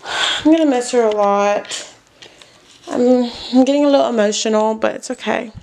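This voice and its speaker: A young woman in college chatting excitedly to her camera in a casual vlog, talking fast with many fillers like "like". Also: on the high side, gravelly, a little hiss or hum. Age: young adult. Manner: excitable and gushing, full of "like". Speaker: college student vlogger.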